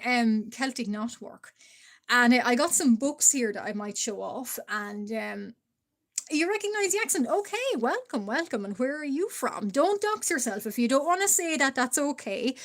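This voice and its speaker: A woman's voice: high voice, animated, moderate pace. Stuffy Irish woman chatting on stream. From Ireland. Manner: chatty, greets viewers, frequent fillers and laughs. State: stuffy from allergies, coughing. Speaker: live-stream artist. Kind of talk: casual live-stream chat while drawing.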